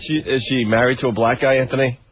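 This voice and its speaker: A man co-hosting a radio talk show, reacting with quick interjections and short questions. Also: mid-range voice, flat delivery, breathy edge, faint music behind. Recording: tinny phone-like radio audio with noise.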